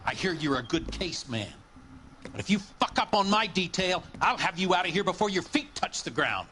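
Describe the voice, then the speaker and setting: Tough cop captain in a game, forceful, bossy, a bit high. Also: male voice, sing-song, moderate pace, slight background noise, full character voice. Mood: commanding. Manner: blunt, commanding, threatening. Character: gruff police captain laying down the law. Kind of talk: game cutscene acting.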